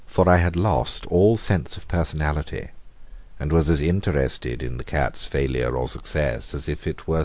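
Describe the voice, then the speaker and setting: A man narrating a horror story in a measured, grave reading, slowing down for dramatic moments. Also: rumbling low, a little mellow, no echo. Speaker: audiobook reader.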